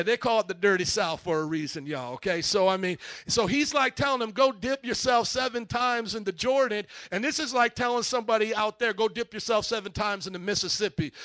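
High-voiced energetic male preacher. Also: dry recording. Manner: energetic call-and-response, casual asides. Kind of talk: sermon.

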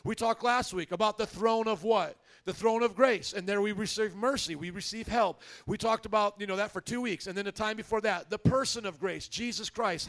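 A man's voice: sits high, fairly bright tone. A male pastor preaching a sermon to his church, emphatic and prompting the congregation to answer back.

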